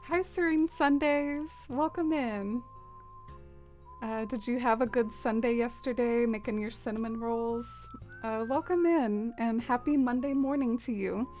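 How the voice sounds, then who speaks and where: A livestream host plays a game and chats casually with her viewers, laughing frequently and using many fillers. Her voice is on the high side and warm, with fairly even intonation at normal speed, and faint music sits behind her.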